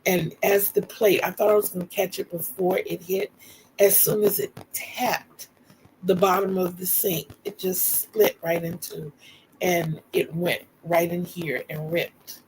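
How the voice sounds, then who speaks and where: Addressing her viewers as "y'all," a middle-aged livestream host chats casually and warmly through personal stories, laughing frequently. She speaks unhurriedly at a fairly low pitch with little pitch movement, over poor audio that has a slight hiss or hum.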